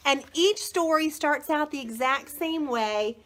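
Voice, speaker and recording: Bright, high-voiced gushing woman. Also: slow pace, few pauses. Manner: gushing, enthusiastic; chatty, rambling with fillers. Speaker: children's book consultant. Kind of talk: casual live-stream sales chat.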